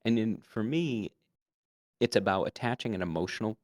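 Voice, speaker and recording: A man's voice: on the low side, moderate pace, no room sound, studio quality. A man and game master, a guest giving casual tabletop roleplay advice and showing voices as he goes. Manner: animated, demonstrates voices.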